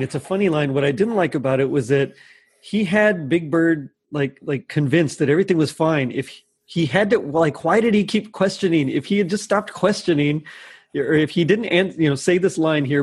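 A man's voice: a little high, normal speed, breathy edge. A man co-hosting a podcast in easygoing casual chat, laughing often. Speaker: podcast co-host.

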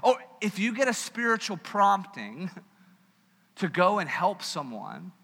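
A man preaching a sermon as pastor, in a conversational, joking and animated manner, in a church hall with a long reverb. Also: high voice, measured pace, gravelly, husky.

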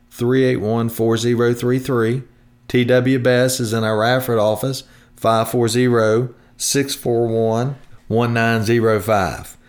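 A man hosts a retirement planning show in a relaxed, folksy style. His voice sits at an ordinary pitch, and his chatty, homespun delivery wanders through stories with frequent restarts. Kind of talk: folksy radio talk.

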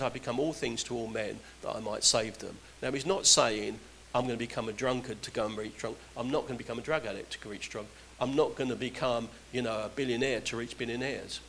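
A man's voice: mid-range voice, fairly bright tone, a little hiss or hum, rough recording. Earnest man preaching a sermon. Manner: earnest, exhorting, with emphatic swings in volume.

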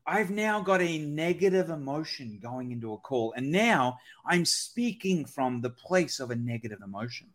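A man's voice: fairly high pitch, animated, normal speed, few pauses, fairly bright tone. A man talking as a guest expert on a podcast, explaining with lots of energy and often asking "right?". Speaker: guest expert on sales calls. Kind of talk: podcast conversation.

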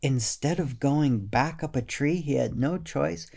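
A man narrating a children's story in a gentle, unhurried way. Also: medium pitch, creaky, a little hiss or hum.

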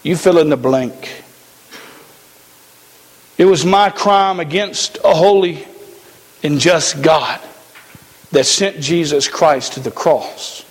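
A man preaching a sermon in a church, slow and emphatic with dramatic pauses. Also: a little high, big-room sound. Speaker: pastor.

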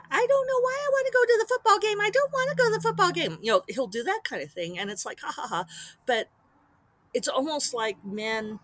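A woman author talking through her work on her own podcast in a chatty, rambling way, with quick asides. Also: medium pitch, dry recording. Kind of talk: casual solo podcast monologue.

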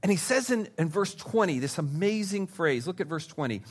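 A male pastor delivers a sermon in a slightly high voice that rises and falls with lots of movement. He speaks straight to his listeners like he's talking with them. He punches some lines loudly and drops others to a hush. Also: moderate pace. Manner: animated, swings from loud emphasis to hushed asides; conversational, speaks directly to listeners.

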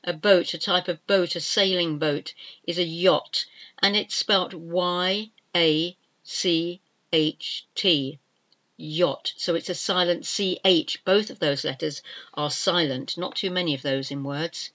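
An older woman gives a spelling lesson, repeating each word several times and spelling it out one letter at a time. She talks slowly, in a fairly low voice. The recording sounds dull and lo-fi. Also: fairly even intonation, fairly bright tone. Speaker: English teacher.

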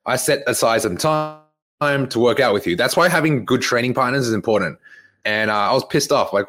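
A man's voice: mid-range voice, brisk, fairly bright tone. A young man, a fitness coach telling a rambling, profane story in casual podcast talk. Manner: rambling, profane, laughs often.

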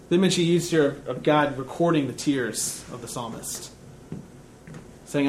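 A man preaching a sermon in a church, earnest and measured, dropping to a hushed tone in reflective stretches. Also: fairly high pitch, slight background noise. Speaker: pastor.

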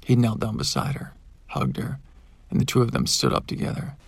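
A man with a gravelly, husky voice reads a first-person audiobook. His pitch moves a lot as he acts out each character, and the sound is dry and close to the mic. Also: very animated, fairly quick, dry recording. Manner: dramatic, shouting in the characters' outbursts. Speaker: audiobook narrator.

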